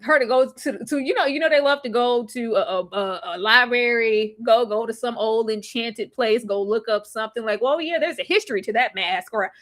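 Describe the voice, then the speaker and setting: A woman co-hosting a casual movie review chat, emphatic and animated, acting out lines of dialogue as she talks. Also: fairly high pitch, moderate pace, hardly any pauses. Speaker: podcast co-host.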